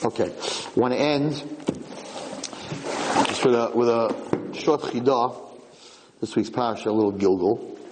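A man teaching a Torah lesson in an excitable, repetitive way, restarting his sentences often. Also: mid-range voice, a little slow, pauses often, in a large hall, noisy background.

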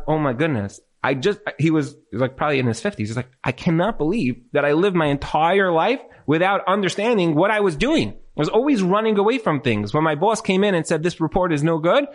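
Animated storytelling man, higher voice. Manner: animated storytelling, acts out quotes in other voices; conversational, lots of filler "like". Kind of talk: casual talk with anecdotes.

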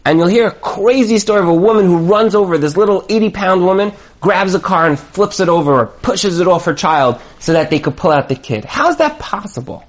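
A man's voice: high-pitched, a little fast, hardly any pauses. A man giving an emphatic motivational talk as a marriage coach, hammering home his points with repetition.

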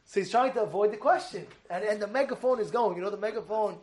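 A man giving an animated sermon as a rabbi, acting out shouts and quotes with many restarts. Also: sits high, fast talker, hardly any pauses. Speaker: rabbi giving a weekly Torah talk.

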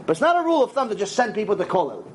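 Male rabbi, high voice, lively lecture, acts out dialogue, faint hiss. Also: very fast. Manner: animated storytelling, acts out dialogue, sprinkles Hebrew words. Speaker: rabbi teaching a Torah class.

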